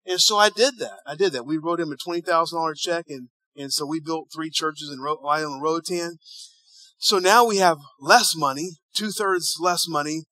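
Preacher guy, high bright voice, tells stories, goes quiet then loud, dry close sound. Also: normal speed, dry recording, rough recording. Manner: storytelling, acts out dialogue, swings between hushed and loud. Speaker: pastor. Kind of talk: sermon.

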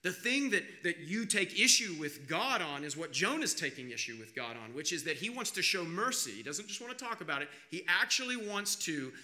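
A man preaching a sermon as pastor, emphatic, moving between loud urgency and hushed appeals. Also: a little high, very animated, brisk, hardly any pauses.

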